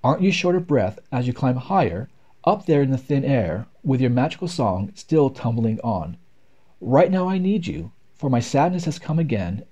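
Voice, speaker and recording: A man reading nature poems aloud in a rhythmic, expressive way. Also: mid-range voice, slightly rough, lo-fi sound. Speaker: reader. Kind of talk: poetry read aloud.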